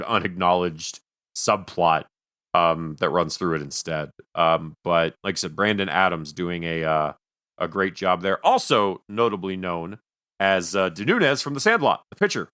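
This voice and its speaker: A man's voice: low-pitched, moderate pace, bright, forceful tone, clear, resonant tone. A man co-hosting a film podcast, talking casually and rambling with self-mocking jokes. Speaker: podcast co-host. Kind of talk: casual film review chat.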